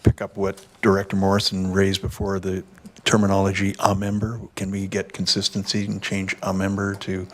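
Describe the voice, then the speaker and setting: A man chairing a committee meeting, moving briskly through agenda items and calling on speakers. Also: sits low, monotone.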